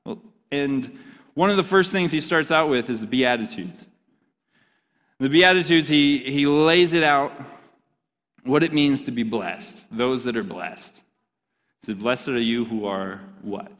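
A man's voice: medium pitch, a little slow, pauses often, fairly bright tone, big-room sound. A man giving an interactive, joking sermon to a youth group, quizzing the audience as he reads scripture. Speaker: youth pastor.

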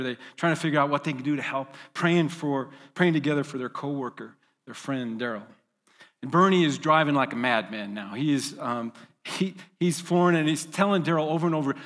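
A man's voice: medium pitch, a bit bright, big-room sound. A man preaching as a pastor, vividly telling a long story with fillers and restarts. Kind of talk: storytelling sermon.

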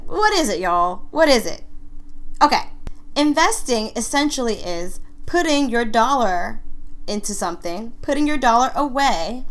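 A woman hosting her own podcast in an animated, chatty solo talk that often turns to the listeners as y'all. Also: medium pitch. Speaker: podcast host.

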